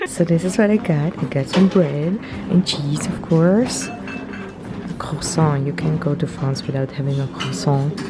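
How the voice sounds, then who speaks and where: A young woman chatting excitedly on her travel vlog, gushing and laughing often. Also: low-pitched, normal speed, hardly any pauses, heavy background noise. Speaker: travel vlogger. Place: outdoors in countryside and indoors at breakfast.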